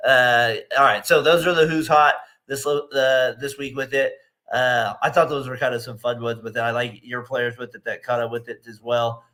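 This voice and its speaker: A man's voice: medium pitch, flat delivery, normal speed, few pauses, sharp tone. A man co-hosting a casual baseball talk show, rambling, laughing often and acting out quotes of other people. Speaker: co-host. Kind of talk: casual sports chat.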